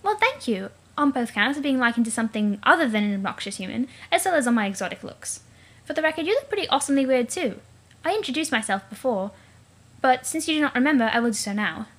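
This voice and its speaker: Bubbly alien sea princess, teen girl, playful and punny, high voice; a woman reads her. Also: big pitch swings, fast, a bit bright, heavily acted. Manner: fish puns, cheery, teasing.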